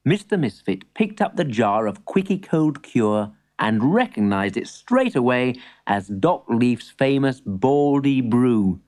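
A woman reading a children's story aloud, an expressive storyteller. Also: a bass voice, takes it slowly, few pauses. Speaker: narrator.

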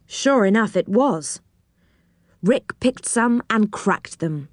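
Gentle woman reading a children's storybook. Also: mid-range voice, lively intonation, takes it slowly, no room sound, studio quality. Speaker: narrator.

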